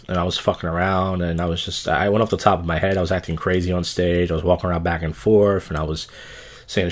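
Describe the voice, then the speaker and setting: A man's voice: low-pitched, fairly even intonation, brisk. A man hosting his own podcast, telling stories in a loose, crude, self-deprecating ramble. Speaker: podcast host. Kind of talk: casual rambling monologue.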